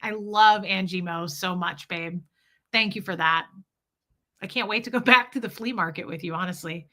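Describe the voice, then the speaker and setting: A woman vlogger with a lowish, bright, forceful voice tells her viewers a story at normal speed and answers their comments. She's candid and chatty, laughing often and speaking straight to her audience.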